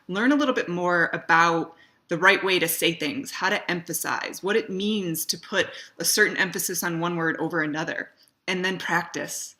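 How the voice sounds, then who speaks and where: Bright-voiced woman giving video advice. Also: fairly low pitch. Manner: conversational, stresses words for emphasis. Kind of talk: casual direct-to-camera talk.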